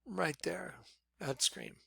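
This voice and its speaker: A man leading a ministry, talking viewers through images on his screen in an excitable, repetitive way. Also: fairly high pitch, takes it slowly, gravelly, breathy edge, dry recording. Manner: excitable, repeats himself, points things out to viewers. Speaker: ministry leader presenting on screen. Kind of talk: screen-share commentary.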